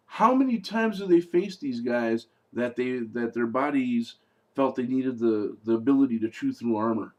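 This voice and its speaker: A man's voice: mid-range voice, expressive, normal speed, a little mellow. A man giving a casual spoken movie review, sarcastic and exasperated, rambling with fillers and restarts.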